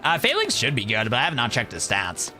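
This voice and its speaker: A man's voice: medium pitch, huge pitch swings, brisk, over music. A young man chatting casually on a live stream, rambling and laid-back, calling his viewers "bro".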